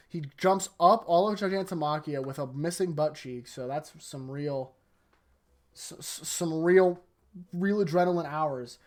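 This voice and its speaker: A YouTuber giving a casual, rambling manga chapter review late at night, tired, leaning on "like" a lot and often trailing off into a quieter voice. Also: mid-range voice, moderate pace. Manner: rambling, heavy use of "like", sentences often trailing off softer. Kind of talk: casual video commentary.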